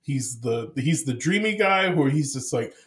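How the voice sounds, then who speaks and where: A man co-hosting a casual movie chat, rambling and full of "like", quick to laugh. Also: medium pitch, animated, a bit bright.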